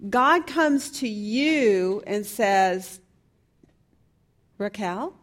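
A woman's voice: medium pitch, lively intonation, extremely slow, pauses often. A woman teaching a Bible study class, earnestly asking the group question after question.

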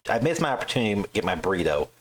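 A man with a low voice tells his old Air Force stories in loose, casual podcast chat. He swears freely and keeps the telling animated, and his voice leaps up whenever he mimics someone else. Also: racing, breathy edge. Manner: profane, animated storyteller who jumps high when quoting others.

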